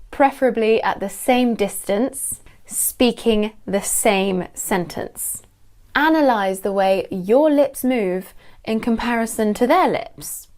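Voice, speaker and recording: A woman gives a scripted lesson to camera, speaking clearly and slowing down to model how words are pronounced. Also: mid-range voice, a little mellow. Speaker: English teacher.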